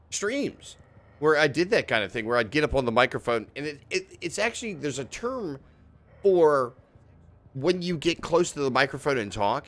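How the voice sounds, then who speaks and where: A man live-streaming a game, chatting casually with viewers in a rambling way, laughing often and swearing mildly, on a studio microphone. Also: fairly high pitch. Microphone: diaphragm studio microphone.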